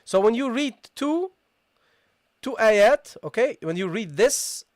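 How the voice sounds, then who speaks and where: A recitation teacher giving a live online tajweed lesson, who explains patiently, often checks in with the class, addresses listeners casually, and slowly repeats the sounds being taught. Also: mid-range voice, animated, dry recording, studio quality.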